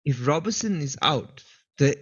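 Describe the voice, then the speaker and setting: A man's voice: a little high, expressive, a little slow, husky. A man from South Africa with a South African accent, co-hosting a podcast in casual football chat and explaining his points at length. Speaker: podcast co-host. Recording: dull lo-fi sound.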